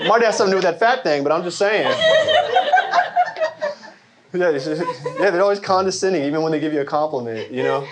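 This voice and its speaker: A man from Arkansas doing an animated stand-up set, working the crowd and putting on quoted voices. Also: on the high side, fast talker, pauses often. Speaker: stand-up comedian. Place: comedy club stage before a laughing crowd. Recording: loud audience noise behind.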